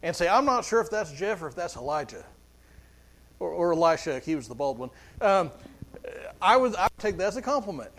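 Pastor guy preaching, kinda high voice, keeps repeating words, earnest. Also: sing-song, fairly quick, fairly bright tone. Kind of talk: sermon.

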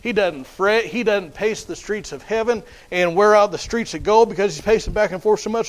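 A man's voice: sits high, normal speed, hardly any pauses, poor audio. A man preaching a sermon in an emphatic, repetitive way, often restarting his phrases.

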